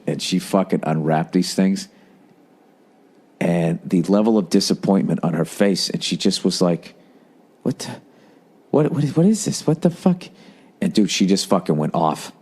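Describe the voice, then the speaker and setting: A man's voice: low-pitched, darkish tone. A middle-aged man, a comedian and podcast host, telling a rambling, profane comic story in casual chat.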